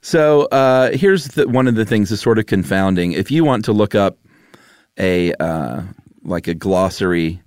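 A man with a deep, low voice chats as a podcast co-host. He is laid-back and teasing, and he laughs a lot. The recording is dry and close, with no room sound. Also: expressive, a little slow, darkish tone, clear, resonant tone, no room sound. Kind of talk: casual chat.

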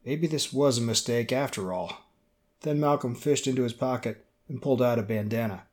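Man, audiobook narration, steady, measured, mid pitch. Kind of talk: scripted narration.

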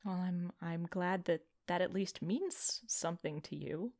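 A woman's voice: on the low side, a little slow, darkish tone. A woman running a tabletop game, chatty and rambling, with many fillers. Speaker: game master.

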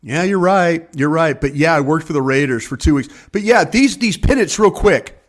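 This fairly high-pitched, expressive man speaks at a normal speed. He's an older former scout chatting casually over video from his home office, wandering through stories and acting out other people's quotes in their voices.

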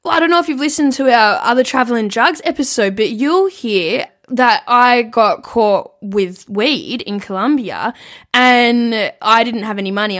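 A woman's voice: medium pitch, fairly bright tone. A woman hosting a podcast, chatting casually and reacting to a guest's story with swearing and laughter. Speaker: podcast host. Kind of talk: casual chat.

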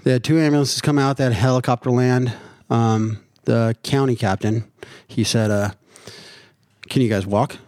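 A man's voice: medium pitch, level tone, moderate pace, hardly any pauses, darkish tone, smooth, dry recording, studio quality. A middle-aged man from Nevada, a podcast guest, telling a story in a crude, joking way with plenty of swearing. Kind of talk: casual chat.

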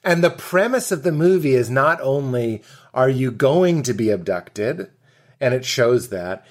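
A man's voice: mid-range voice, measured pace. A man, a comedian guest on a podcast, chatting casually and telling stories with lots of acted-out quotes and laughter. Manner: animated storytelling, acts out quotes, laughs often.

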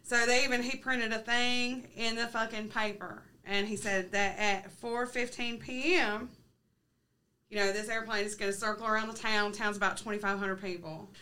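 A woman's voice: a little high, fairly even intonation, moderate pace, pushed and bright. A woman co-hosting a podcast, telling a story in casual chat, swearing freely, joking and laughing often. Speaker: podcast co-host.

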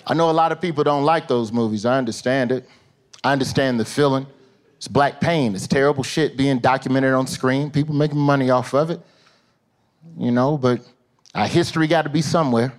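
A male stand-up comedian, performing an animated set that swings from low asides to high shouted bits on a theater stage. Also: brisk. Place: theater stage with a laughing audience. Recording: live show with loud crowd laughter and room noise.

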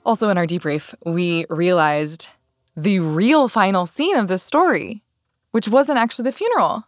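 A woman hosting a podcast tells a long personal story in a loose, candid way. She slips into other people's voices for quoted lines and laughs between them. Her pitch sits in a middle range. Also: normal speed, dry recording, studio quality, soft background music. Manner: candid, animated, laughs while telling. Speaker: podcast host. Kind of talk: casual storytelling chat.

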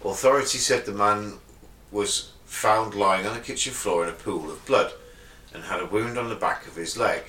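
A man's voice: fairly low pitch, normal speed, pushed and bright. A man, a podcast co-host, reading odd news stories aloud in casual chat. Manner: reads stories aloud, breaks into giggles. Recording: echoey room, slightly distant mic.

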